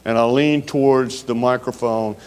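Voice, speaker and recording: A man's voice: medium pitch, steady tone, darkish tone, clean tone. Folksy Southern man in a big hall. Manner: folksy storytelling with frequent filler pauses. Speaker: keynote speaker. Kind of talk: conference keynote speech. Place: large conference hall. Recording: long hall reverb.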